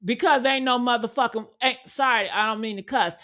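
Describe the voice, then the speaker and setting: A woman's voice: on the high side, a little fast, fairly bright tone. A woman giving blunt, sarcastic true crime commentary, swearing freely and talking straight to her viewers. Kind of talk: casual video commentary.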